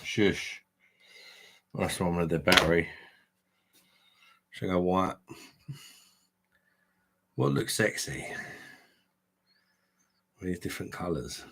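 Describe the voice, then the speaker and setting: Man, very deep voice, casual livestream chat, reads viewer comments. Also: slow, gravelly, long pauses, a bit bright, a little hiss or hum. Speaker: beer review livestream host. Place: home room.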